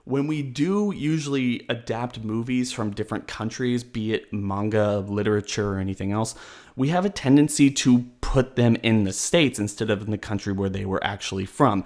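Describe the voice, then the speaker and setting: A man hosting a casual online chat, energetic and rambling, laughing easily. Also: lowish voice, normal speed. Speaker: host. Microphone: video call.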